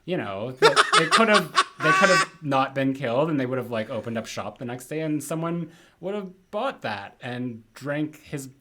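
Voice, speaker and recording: A man's voice: mid-range voice, lively intonation, measured pace, hardly any pauses, bright, forceful tone, slight background noise. A man co-hosting a podcast, talking casually with many fillers and trailing sentences. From abroad from his co-host. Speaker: podcast co-host. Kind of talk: casual chat.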